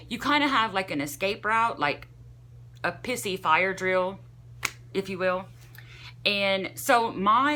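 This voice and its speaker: A young woman vlogger telling a casual, rambling story, animated and full of "like" fillers. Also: medium pitch.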